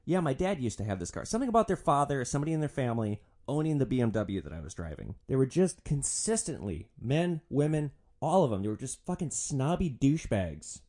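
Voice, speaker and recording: Brief: young guy, comic storyteller, swearing freely, animated delivery, warm mellow voice. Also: medium pitch, fairly quick, few pauses. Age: young adult. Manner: sardonic, profane, animated. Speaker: podcast host, former rideshare driver. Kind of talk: comedic storytelling monologue.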